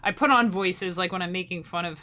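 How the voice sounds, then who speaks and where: A woman's voice: lowish voice, brisk, sharp tone. A young woman musician chatting casually and rambling on a live stream, often breaking into laughter. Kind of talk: casual livestream chat.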